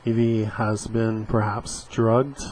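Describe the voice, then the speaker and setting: A man's voice: lowish voice, flat delivery, a little mellow, slight background noise, low-quality recording. A man reading a comic aloud and commenting on it, hesitant and full of fillers. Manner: slow, hesitant, with frequent fillers. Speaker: comic book reader and reviewer.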